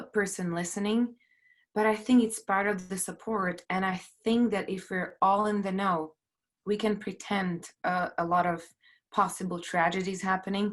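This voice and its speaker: A middle-aged woman producer on a video call from home, sharing her story in an earnest, halting way, emotional and near tears, with many fillers and restarts. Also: fairly low pitch. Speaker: panelist, film producer. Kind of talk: personal testimony on a panel.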